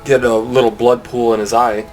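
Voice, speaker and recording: A man running a tabletop game as game master, relaxed and laughing easily as he describes the action. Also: medium pitch, normal speed, soft background music, rough recording.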